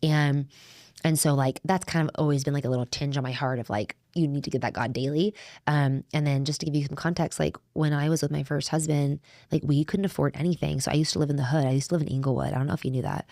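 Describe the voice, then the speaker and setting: A woman's voice: low voice, fairly even intonation, fast, warm tone, dry recording, clean studio sound. A middle-aged woman co-hosting a faith podcast, talking in an earnest, heartfelt way that rambles and restarts. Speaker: podcast co-host. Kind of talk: faith-based conversational podcast.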